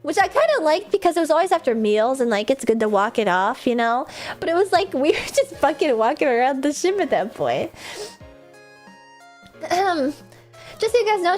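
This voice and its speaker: Bubbly, high-voiced young woman streamer. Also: darkish tone. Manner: bubbly and rambling, laughs often, swears casually. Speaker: livestreamer. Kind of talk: casual stream chat.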